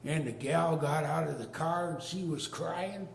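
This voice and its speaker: An older man telling a comic story on stage in a folksy, deadpan drawl. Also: on the high side, a little slow, creaky, a little hiss or hum. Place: arts venue stage with a live audience. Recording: echoey hall with long reverb.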